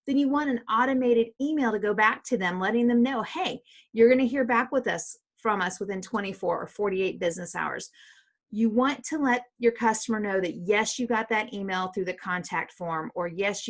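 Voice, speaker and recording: A middle-aged woman teaching as a business coach, speaking directly and emphatically and repeating her key points. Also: a little high. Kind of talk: instructional coaching talk.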